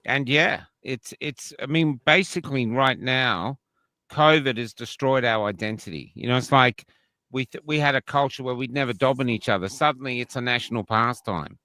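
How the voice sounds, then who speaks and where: A man's voice: mid-range voice, moderate pace, bright, forceful tone, dry recording. An Australian man hosting a casual online panel chat, opinionated and rambling with frequent restarts. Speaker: livestream host.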